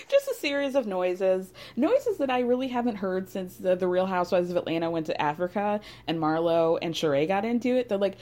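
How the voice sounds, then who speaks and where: A woman's voice: mid-range voice, animated, brisk, darkish tone. A young woman casually recapping a reality TV episode with chatty, sarcastic asides.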